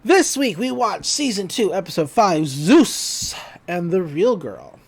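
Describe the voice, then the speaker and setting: A woman's voice: lowish voice, sing-song, a little mellow, breathy edge. Chatty podcast lady retelling a cartoon ep, voice bouncing all over. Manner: chatty, retells scenes with quick voices and laughs. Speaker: podcast co-host. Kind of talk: casual podcast recap.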